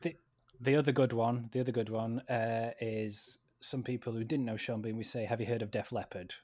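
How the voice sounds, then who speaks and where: A man's voice: mid-range voice, steady tone, brisk, a little mellow. Chatty Yorkshire man on a podcast. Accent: Yorkshire (Sheffield). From Sheffield, England. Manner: chatty, laughs while telling anecdotes. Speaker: podcast co-host. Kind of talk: casual chat about a TV show.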